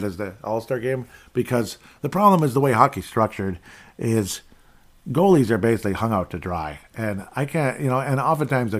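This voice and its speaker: A man hosting a podcast, giving rambling and opinionated fan commentary in casual sports talk. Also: mid-range voice. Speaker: podcast host.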